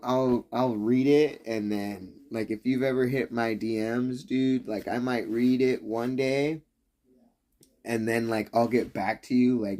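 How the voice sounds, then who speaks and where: A man talking off the cuff on a live stream at an ordinary middle pitch. He rambles and swears freely, and he laughs often between his thoughts. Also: a little mellow. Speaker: livestreamer. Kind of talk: casual live-stream rant.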